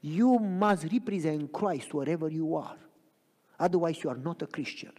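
A man preaching a sermon in a church, dramatic, swinging from loud cries to near whispers and asking the congregation if they follow him. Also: a little high, normal speed. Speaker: pastor. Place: church sanctuary. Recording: long reverb of a church hall.

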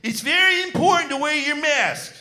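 A male comedian doing a mock impression of a fussy, alarmist public health doctor, in a high, strained voice, on a comedy club stage. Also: lively intonation, normal speed, pushed and bright, full character voice. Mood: alarmed. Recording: live club mic with crowd.

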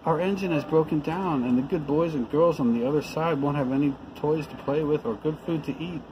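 A man doing high pleading dolls and toys. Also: fairly quick, highs cut off, background noise, close to an everyday voice. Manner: crying out, pleading.

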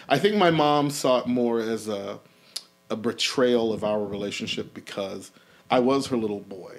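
A man talking as a podcast guest, an animated storyteller who acts out the voices he quotes. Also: lowish voice, normal speed. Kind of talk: casual interview.

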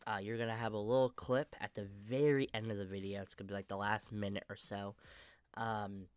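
A young man with a stuffy nose talks through his sports game plans in a flat, monotone way, stopping often for fillers and restarts. His voice sits low and comes across smooth and clean. The recording is close and dry, with no room sound. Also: brisk, dry recording. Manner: rambling with many fillers and restarts. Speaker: channel host. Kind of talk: casual video game franchise commentary.

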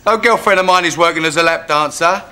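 A man's voice: fairly high pitch, fast, heavy background noise, lightly acted. A man playing a brash, boorish boyfriend. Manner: brash, blokey.

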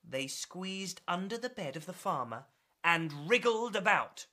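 Woman reading a kids' storybook, lively up-and-down voice, bright, unhurried. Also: fairly low pitch, a little hiss or hum. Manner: expressive, animated.

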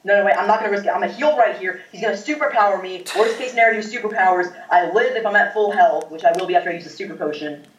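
A man doing casual let's-play commentary as a gaming video host, rambling and breaking into loud excited outbursts. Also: high voice, quick pace, few pauses. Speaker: gaming YouTuber. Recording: echoey, distant, dull mic.

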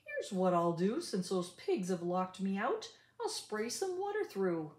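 Lady doing a fired-up farmer guy, stubborn, yelling high and bouncy, roomy echo. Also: big pitch swings, unhurried. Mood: determined. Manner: loud, exasperated shouting. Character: hot-tempered male farmer, stubborn and scheming.

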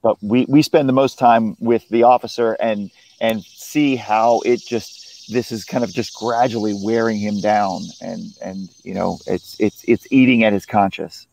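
A man, a film critic, chatting casually about a film he saw, often pausing and restarting his sentences. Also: fairly low pitch, steady tone, vocal fry, darkish tone, no room sound. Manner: hesitant, full of restarts and "you know". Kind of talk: casual film review chat.

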